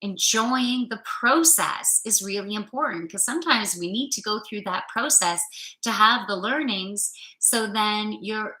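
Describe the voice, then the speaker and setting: Slow-talking bright-voiced woman card reader. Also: mid-range voice, reverberant, poor audio. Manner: chatty, upbeat, loose and playful. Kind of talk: channelled weekly card reading.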